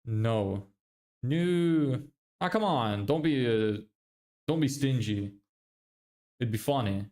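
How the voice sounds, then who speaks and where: A young man talks loosely to his viewers on a livestream. His pitch sits in the middle range for a man. He swears freely and laughs often. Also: animated, slow, pauses often, a little mellow. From Ireland. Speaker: livestreamer and agency owner. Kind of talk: casual livestream chat reading viewer messages.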